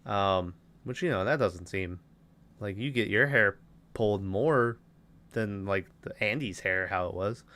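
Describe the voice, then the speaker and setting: A young man hosting a podcast, casually recapping a movie plot with loose, profane storytelling and quick character voices. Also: lowish voice, sharp tone. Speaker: podcast host recapping a film. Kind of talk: casual chat.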